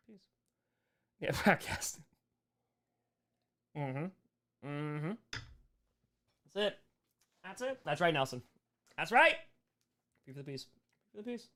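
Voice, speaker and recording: A young man with a hoarse voice, reading chat questions on a casual live-stream Q&A, jokey and fond of repeating short phrases. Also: fairly high pitch, a bit bright.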